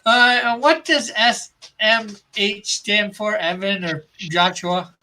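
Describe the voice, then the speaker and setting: A man's voice: sits high, takes it slowly, pushed and bright. A man from Canada hosting a casual live stream, chatting and reading viewer comments aloud with frequent laughs. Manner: laughs often, reads chat aloud. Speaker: livestream host. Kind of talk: casual livestream chat.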